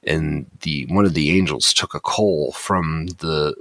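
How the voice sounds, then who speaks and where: Co-host: deep man, dry close sound, talks through scripture at length. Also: unhurried, dry recording. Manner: explains passages at length, animated paraphrase. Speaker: podcast co-host. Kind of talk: casual Bible study discussion.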